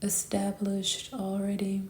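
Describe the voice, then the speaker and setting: Tired woman tarot reader, flat, sleepy half-whisper, very slow delivery. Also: mid-range voice, vocal fry, echoey room. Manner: sleepy, slow and soft-spoken, often whispering. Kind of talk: soft-spoken spiritual tarot reading.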